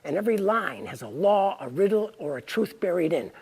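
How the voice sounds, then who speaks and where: A woman reading her own playful, pun-laden story aloud, in a gravelly, husky voice. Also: lowish voice, lively intonation, a little fast, a little mellow.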